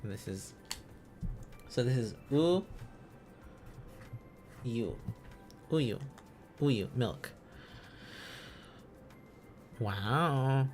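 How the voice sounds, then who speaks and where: Slow, halting man thinking aloud. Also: medium pitch, expressive, a little mellow, soft background music. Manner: thinking aloud, sounding out syllables, chuckling often. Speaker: streamer. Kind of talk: casual livestream, learning aloud.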